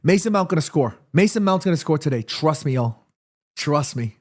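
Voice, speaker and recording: A man streaming a football watchalong, calling the play live and chatting to his viewers in an excitable, slangy way. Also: on the high side, normal speed. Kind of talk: live play-by-play commentary and chat.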